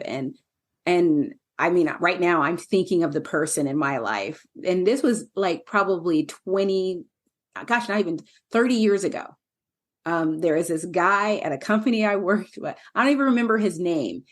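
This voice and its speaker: A woman hosting a podcast, talking in a relaxed, reflective way. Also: sits low. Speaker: podcast host. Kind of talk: casual podcast conversation.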